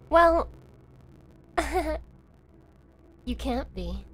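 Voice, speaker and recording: A bubbly young British woman streams casually, teasing her chat and giggling between lines. Her voice sits on the high side for a woman, with a faint hiss of background noise. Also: animated, takes it slowly, pauses often. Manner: playful, giggly, chatting to viewers.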